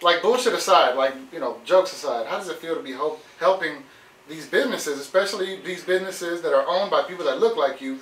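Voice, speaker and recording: Man co-hosting a stream, joking around, high pitch, echoey room with faint noise. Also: brisk, a bit bright, far from the mic. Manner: laughs often, fills with "you know what I'm saying". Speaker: co-host reading comments. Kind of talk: casual joking live-stream chat.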